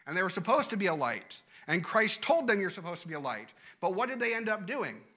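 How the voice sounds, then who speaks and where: Male preacher, sermon delivery, high voice, bright and forceful, emphatic repetition. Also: sing-song, a little fast. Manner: emphatic, repeats phrases, swings from loud to hushed.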